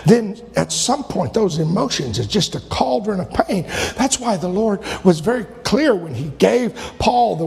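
A male pastor delivering a sermon in a high, rough, gravelly voice. He climbs to shouted peaks and then falls suddenly quiet. The sound carries a long church-hall reverb. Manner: preaching with loud shouted peaks and sudden drops.

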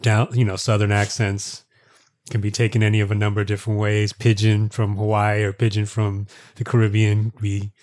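A man as a guest in a casual chat, relaxed, with dry humor. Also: fairly low pitch, a little fast.

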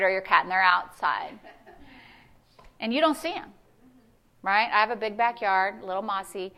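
A woman pastor preaching a sermon, animated and conversational, asking the congregation questions. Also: a little high. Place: church service.

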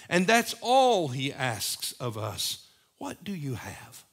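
A man preaching a sermon as pastor, moving between emphatic raised passages and hushed, repeated lines. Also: mid-range voice, very animated, slow. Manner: preaching with swings from loud emphatic peaks to hushed, repeated phrases.

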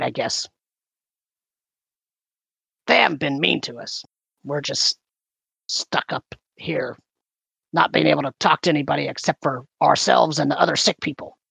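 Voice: mid-range voice, creaky, bright, forceful tone, slightly rough, no room sound, heavily acted. A game master voicing a weary, grim older man who leads refugees, speaking in short, blunt sentences in a tabletop game.

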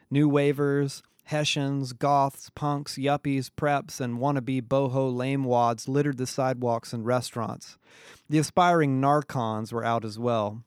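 A man's voice: mid-range voice, smooth, dry recording, studio quality. A man reading a first-person story aloud in a wry, sardonic manner. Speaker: audiobook narrator. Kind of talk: scripted first-person narration.

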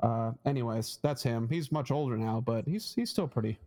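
A man's voice: medium pitch, normal speed, darkish tone. A man co-hosting a podcast, chatting casually and rambling through retold jokes. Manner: rambling, retells jokes in put-on voices. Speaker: podcast co-host. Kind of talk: casual chat.

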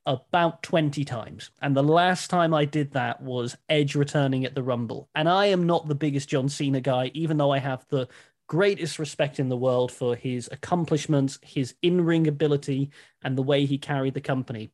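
An upbeat, opinionated man co-hosting a casual talk show. His voice sits a little on the higher side. He sounds keen and lively. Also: moderate pace. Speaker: co-host of a wrestling talk show. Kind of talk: casual chat, reading listener messages.

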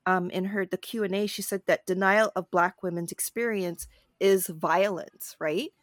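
A woman co-hosting a casual film podcast, animated and chatty, laughing often. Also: medium pitch, normal speed, no echo, clean studio sound. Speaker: podcast co-host.

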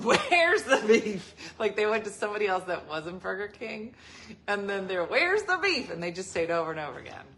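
Animated, bright-voiced woman telling stories. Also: on the low side, a little hiss or hum. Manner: laughing, animated storyteller. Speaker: host. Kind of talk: casual storytelling chat.

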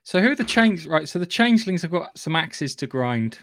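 A man's voice: fairly high pitch, big pitch swings, a little fast, a bit bright. Eager podcast man spinning theories. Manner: eager, building theories aloud. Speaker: podcast co-host. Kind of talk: casual chat.

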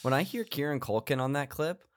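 A man's voice: mid-range voice, animated, brisk, dry recording, clean studio sound. Laid-back, hesitant male co-host. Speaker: comedy podcast co-host. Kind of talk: casual comedy chat.

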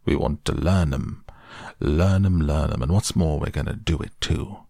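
A man's voice: extremely low pitch, normal speed, creaky, mellow, no echo, clean studio sound, exaggerated voice. A man reading the part of a blunt, peevish old male badger in a storybook. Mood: gruff.

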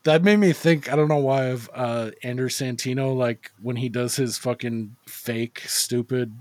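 A man's voice: mid-range voice, unhurried, no room sound. A man co-hosting a movie podcast, talking in a rambling, profane, casual way with lots of fillers. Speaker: podcast co-host. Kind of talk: casual movie-review chat.

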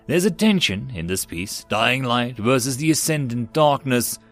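Brief: male storyteller, measured and descriptive, mid-range voice, soft music bed. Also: mid-range voice, expressive. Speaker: narrator. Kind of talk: scripted story narration.

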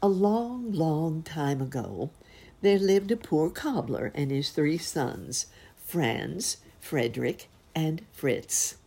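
A woman telling a fairy tale as a storybook reading, expressive and unhurried. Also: low voice, vocal fry, slightly rough.

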